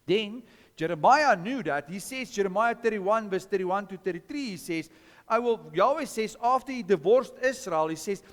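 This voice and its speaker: A man preaching a sermon as pastor, questioning his congregation and teaching from scripture with an animated delivery. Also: high-pitched, moderate pace, long reverb tail.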